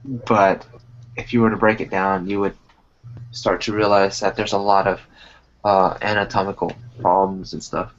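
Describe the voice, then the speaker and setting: A man's voice: low-pitched, little pitch movement, normal speed, a little hiss or hum. A man joining a casual stream as a guest and giving chatty, rambling drawing advice. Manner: chatty, explains with rambling analogies. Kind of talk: casual live-stream chat about drawing. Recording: lo-fi voice-chat audio.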